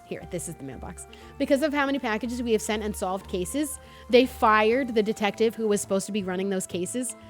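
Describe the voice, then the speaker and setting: A young woman from North Jersey with a light North Jersey accent, chatting casually while streaming a game. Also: a little high. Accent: North New Jersey. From North New Jersey. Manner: chatty, animated, self-deprecating. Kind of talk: casual gaming commentary.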